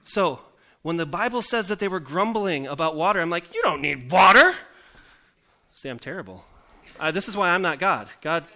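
A man's voice: a little high, expressive, a little fast, pushed and bright. A male pastor giving a conversational sermon, full of self-deprecating jokes and rhetorical questions to the congregation. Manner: joking, self-deprecating asides.

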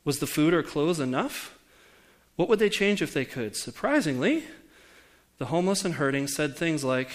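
A man's voice: fairly high pitch, animated, normal speed. Man preaching a conversational sermon. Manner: conversational, asks the congregation questions. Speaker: pastor. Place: church.

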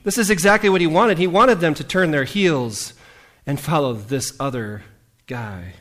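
A man preaching a sermon in a relaxed, conversational way, acting out the lines of the people in his story. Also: a little high, moderate pace. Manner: lively, conversational, acts out quoted lines.

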